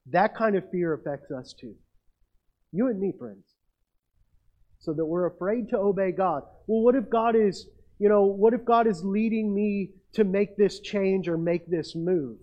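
Middle-aged male pastor, high voice, muffled lo-fi recording, self-mocking storyteller in a sermon. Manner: storytelling, self-mocking, builds to emphatic peaks. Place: church. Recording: muffled lo-fi sound.

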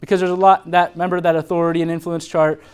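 A man's voice: level tone, very fast, clean tone. A man preaching a conversational sermon on parenting, earnest, with frequent restarts and light laughs. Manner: shifts into high mock voices quoting mothers. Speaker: pastor.

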